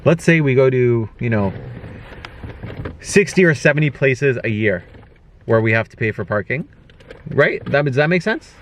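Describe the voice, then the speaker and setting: A man hosting a vlog from inside a car, joking and teasing in casual chat, jumping up in pitch for his punchlines. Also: animated, normal speed, long pauses, slight background noise. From Canada. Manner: playful, teasing, jumps to high exclaims. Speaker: vlogger host.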